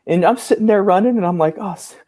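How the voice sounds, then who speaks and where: A man in his forties, a guest on a podcast, telling lively stories about his army career and acting out the people he quotes, with many fillers. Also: high voice, quick pace. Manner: animated, acts out quoted dialogue, many fillers. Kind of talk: casual storytelling interview.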